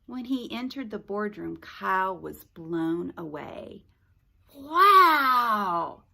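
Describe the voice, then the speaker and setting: A woman reading a children's novel aloud as a library storyteller, with animated, chatty asides to young listeners. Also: mid-range voice, takes it slowly, gravelly.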